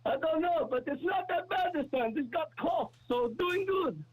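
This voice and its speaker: A man's voice: very high-pitched, lively intonation, normal speed. A man voicing a cocky, teasing male sports-fan caller who phones in to a talk show. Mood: brash. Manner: teasing, brash. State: coughing with a cold. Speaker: recurring comic caller. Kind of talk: call-in bit.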